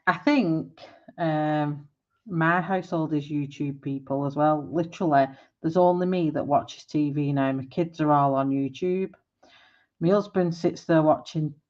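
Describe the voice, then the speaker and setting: A woman's voice: sits low, highs cut off. A woman in her forties chatting casually on a live stream while she colours, rambling and laughing often. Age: 40s. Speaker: art livestreamer.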